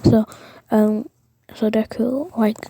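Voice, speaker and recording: A woman's voice: fairly high pitch, fairly even intonation, slow pace, vocal fry, dark tone, husky. A woman whispering a rambling fan-fiction story, with many fillers and self-corrections. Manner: mostly whispered.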